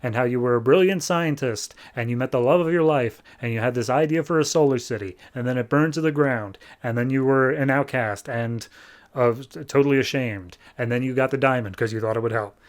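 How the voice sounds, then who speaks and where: A smug ancient shadow spirit sealed in a diamond, as a man puts him on in a comic review, chatty and flippant. He coaxes and wheedles like an old pal, in a plain mid-pitched voice. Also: brisk, lightly acted. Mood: breezy.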